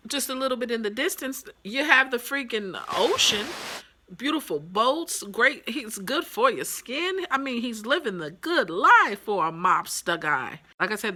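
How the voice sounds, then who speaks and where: Bright-voiced chatty woman reviewer. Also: fairly high pitch. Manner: enthusiastic, chatty, animated asides. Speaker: TV episode reviewer. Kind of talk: casual video review.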